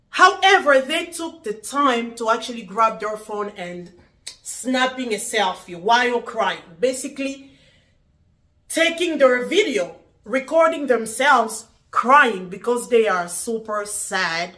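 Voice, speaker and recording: A woman's voice: fairly high pitch, a bit bright. A middle-aged woman talking to camera in a casual vlog, earnest and puzzled, repeating herself as she asks questions. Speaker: vlogger.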